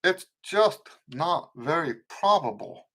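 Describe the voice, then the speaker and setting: A man's voice: fairly high pitch, very animated, slow pace, a bit bright. A middle-aged man with a mixed American accent rooted in Western Pennsylvania, a trumpet teacher hosting a casual live Q&A and often restarting and rewording his sentences. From eastern United States. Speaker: trumpet teacher and show host.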